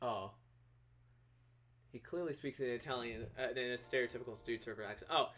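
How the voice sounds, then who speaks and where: A man's voice: medium pitch, fairly quick, pauses often, a bit bright, soft background music. A man streaming live while drawing, chatting casually and answering his chat with jokes and asides.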